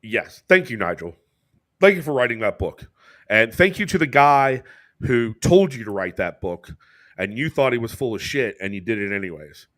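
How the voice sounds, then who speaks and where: Brief: American podcast co-host, mid pitch, casual and animated, curses freely, goes high when quoting people. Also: male voice, normal speed. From United States. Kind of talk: casual storytelling chat.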